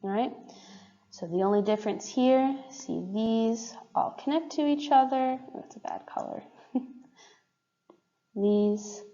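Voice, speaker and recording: A woman's voice: a little high, a little slow, pauses often, dark tone. A young woman student giving a class presentation, explaining in a casual way with frequent fillers. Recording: dull roomy recording with long reverb.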